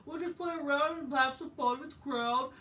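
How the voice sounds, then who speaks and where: A man's voice: very high-pitched, normal speed, sharp tone, slight background noise, pitched above the performer's own voice. A man imitating an eager male talk show host who stammers and restarts his sentences, recorded in a roomy space from a distant mic.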